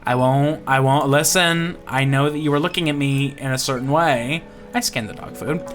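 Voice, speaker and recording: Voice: mid-range voice, normal speed, music in the background. A let's play host giving casual gameplay commentary, chatty and giggly, swearing freely.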